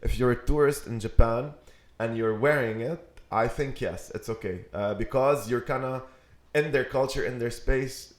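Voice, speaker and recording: A man's voice: medium pitch, moderate pace. Hesitant man in an echoey room. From Lebanon. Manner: hesitant, restarts often, playful swearing. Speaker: podcast co-host. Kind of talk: casual chat. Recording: roomy echo.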